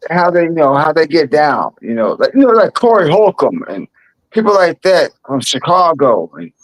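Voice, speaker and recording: A man chatting casually on a panel, halting and repeating words in an easygoing way. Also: on the high side, sing-song, rough recording. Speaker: panel participant. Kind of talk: casual chat.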